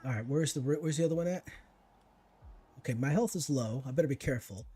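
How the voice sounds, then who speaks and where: A gaming streamer gives casual let's-play commentary in a fast, warm, husky mid-range voice. He's chatty, talking to himself and teasing the enemies as he plays.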